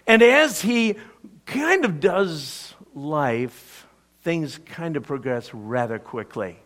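A man preaching a sermon, telling the story and acting out the quotes with lively energy. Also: fairly high pitch, takes it slowly. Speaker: pastor.

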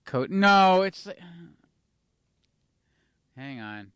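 A man's voice: medium pitch, big pitch swings, measured pace, a bit bright, no echo. A young adult man co-hosting a casual chat show, rambling, swearing casually and losing his train of thought. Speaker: podcast co-host.

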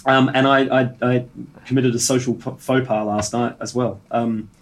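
A man co-hosting a casual podcast chat, telling a rambling anecdote with halting restarts. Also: medium pitch, steady tone. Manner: rambling storyteller, halting restarts, bursts of laughter. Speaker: podcast co-host.

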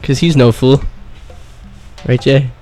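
A man's voice: medium pitch, steady tone, slow pace. A young man hosting a college radio show, chatting loosely and joking with friends in the studio and laughing often. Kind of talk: casual studio banter. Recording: music playing underneath.

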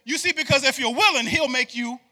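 A man preaching a sermon, moving from quiet talk to shouted, repetitive calls to the congregation. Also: very high-pitched, brisk. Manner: builds from quiet to shouting, repeats words.

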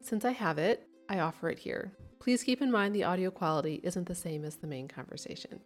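A woman's voice: lowish voice, a little fast, soft background music. A woman podcast host closing an interview and narrating the outro, grateful in her thanks. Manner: warm, grateful sign-off.

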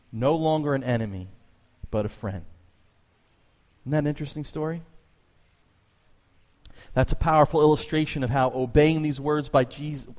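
Animated preacher man in a reverberant hall. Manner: animated storytelling preacher, voice jumps high for emphasis. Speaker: pastor. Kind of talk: sermon. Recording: long reverb of a church hall.

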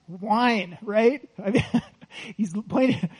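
Conversational male preacher with a high voice. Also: takes it slowly, a little mellow, breathy edge, poor audio. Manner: conversational, asks the congregation questions; laughs lightly between points. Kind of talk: sermon.

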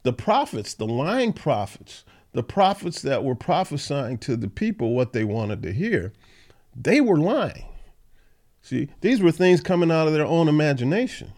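On his Bible study podcast, a man reads verses and explains them in a plain, conversational style. His voice is fairly high and a little mellow, with a sing-song quality and a measured pace.

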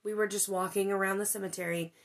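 Animated woman telling a ghost story. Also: mid-range voice, fast talker, vocal fry. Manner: animated, many fillers, swears when excited. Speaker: podcast host. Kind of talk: casual storytelling chat.

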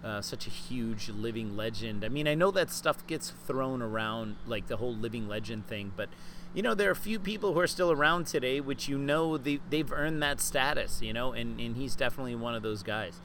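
Podcast host guy, medium voice, animated and self-deprecating, faint noise in the background. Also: medium pitch, a little fast. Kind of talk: casual podcast chat.

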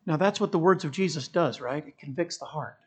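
A middle-aged man preaching a sermon as pastor, telling stories and building to loud, impassioned preaching. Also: fairly high pitch, fairly quick, husky.

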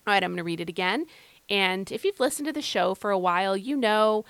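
A woman's voice: medium pitch, expressive, fast talker, fairly bright tone, smooth, no echo. Earnest Irish woman, dry close sound. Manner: earnest, encouraging, conversational. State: recovering from feeling unwell. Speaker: podcast host. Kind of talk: devotional Bible podcast talk.

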